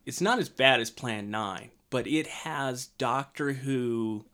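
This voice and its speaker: Slow, rambling podcast man. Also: medium pitch, pushed and bright. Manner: rambling, hesitant with many ums. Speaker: podcast co-host. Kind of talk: casual chat.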